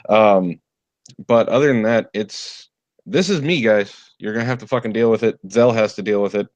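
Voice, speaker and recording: A man's voice: fairly low pitch, normal speed, no echo, muffled recording. A man who is a guest on a casual stream chat, talking bluntly and sarcastically and swearing freely.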